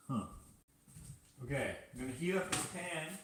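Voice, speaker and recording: A man's voice: fairly high pitch, expressive, unhurried, pauses often, a bit bright. A man from Canada rambling in casual chat to a live chat while he cooks in his home kitchen. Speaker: vlogger. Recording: clattering kitchen noise.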